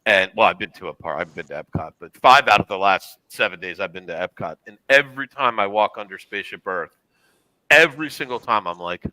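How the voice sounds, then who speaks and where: A man's voice: on the low side, expressive, a little fast, pushed and bright, no room sound, poor audio. A man chatting casually on a podcast and telling rambling anecdotes with asides. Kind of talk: casual chat.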